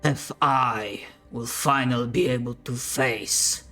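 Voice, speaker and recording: A man voicing a bored male night lord with a deep, guttural voice who craves a worthy fight, speaking slowly. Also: fairly even intonation, pushed and bright, faint music behind. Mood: menacing, bored.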